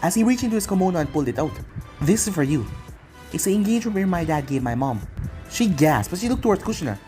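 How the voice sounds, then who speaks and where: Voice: medium pitch, very animated, fast, warm tone, soft background music, low-quality recording. A reader narrating a fan story aloud, voicing every character in the same voice and running lines and tags together.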